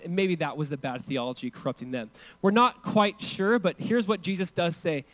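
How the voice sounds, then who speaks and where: Young male pastor, high-pitched, casual conversational sermon delivery. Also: brisk. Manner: conversational, animated, frequent "like" asides.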